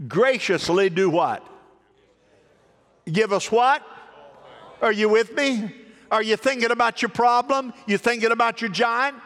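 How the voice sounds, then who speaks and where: Male pastor, high voice, call-and-response sermon, long church reverb. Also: unhurried, pauses often, fairly bright tone. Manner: call-and-response preaching, rising exhortation. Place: church sanctuary.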